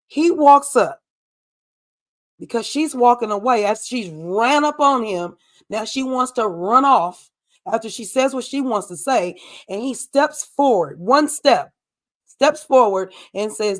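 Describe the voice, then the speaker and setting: A woman's voice: on the high side, lively intonation, unhurried, fairly bright tone. A woman co-hosting a reality TV recap, giving blunt, opinionated commentary. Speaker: recap show co-host.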